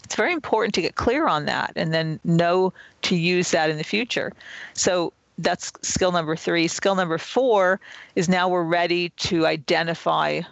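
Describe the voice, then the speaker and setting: A man's voice: high-pitched, normal speed, creaky, fairly bright tone, dry recording, rough recording. A man, the author, answering an interview question and patiently explaining self-help skills one step at a time. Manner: earnest, patient, step-by-step teaching. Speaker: author and guest.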